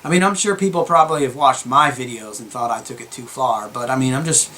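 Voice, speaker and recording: A young man hosting his gaming channel, giving a calm, earnest opinion monologue with many fillers and restarts. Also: mid-range voice, fast talker, a little hiss or hum. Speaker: gaming YouTuber.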